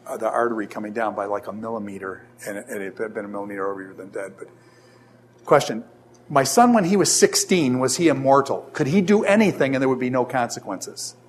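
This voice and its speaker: A man's voice: medium pitch, lively intonation, quick pace, a little hiss or hum. A middle-aged man lecturing a class on Scripture, often throwing rhetorical questions at his students. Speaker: Bible teacher.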